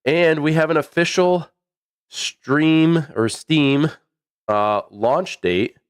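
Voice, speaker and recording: A man with a baritone voice giving chatty, rambling livestream commentary on a match, with many fillers. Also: slow pace, clear, resonant tone, dry recording, clean studio sound. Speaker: esports commentator.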